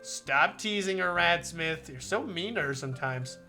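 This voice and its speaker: A man voicing a cheerful, goofy teenage schoolgirl in a visual novel reading on stream, playful and gentle. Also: a little high, animated, normal speed, vocal fry, soft background music, heavily acted. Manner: playful, gentle, scolding lightly.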